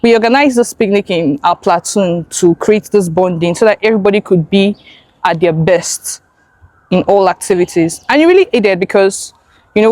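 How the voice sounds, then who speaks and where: A woman's voice: mid-range voice, a little mellow, dry recording. A young woman reflecting on her camp days in an upbeat, confident way. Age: young adult. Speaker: platoon executive, interviewee. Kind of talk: casual reflection.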